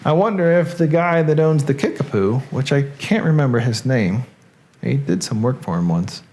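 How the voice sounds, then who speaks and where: A male host with a Southern accent, wrapping up his show in a relaxed, joking ramble. He talks at a mid pitch and wanders through his thoughts. It sounds like easy, informal chat. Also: moderate pace. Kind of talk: casual show sign-off.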